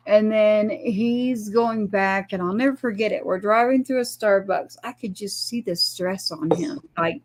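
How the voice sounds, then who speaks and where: Middle-aged Texan mom guest, mid-pitched with some fry, tells an emotional story and acts out the voices she quotes. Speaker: guest, military mother.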